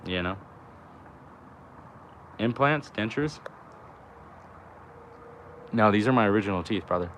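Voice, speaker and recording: A young man with a lowish voice talks in a loose, rambling way, swearing freely and leaning on fillers. He is outdoors by a road, with faint traffic noise behind him. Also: expressive, takes it slowly, long pauses, a bit bright. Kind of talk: casual rambling chat.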